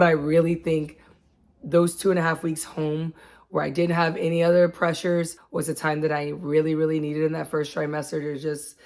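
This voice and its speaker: A woman in her late thirties talking casually about her own experiences, chatty and quick to laugh. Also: sits low. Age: 30s. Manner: chatty, laughs often, acts out quotes. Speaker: vlogger. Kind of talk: casual chat.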